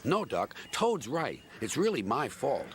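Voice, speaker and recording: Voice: medium pitch, big pitch swings, measured pace. A man voicing a sincere, remorseful engine in a storybook show, heard in a noisy played clip. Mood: resolute. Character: remorseful male tank engine.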